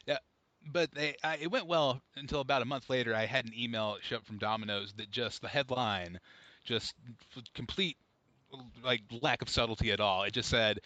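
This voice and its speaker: Man, podcast host, bright forceful tone, wry, rambling, casual chat. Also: medium pitch, moderate pace, no echo, highs cut off. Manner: wry, rambling, self-deprecating.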